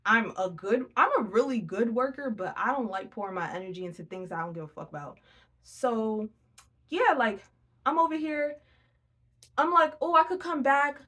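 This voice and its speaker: Young female tarot reader, raised pitch, casual and profane, tells stories with energy. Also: normal speed, slightly rough. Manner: blunt, profane, animated storytelling.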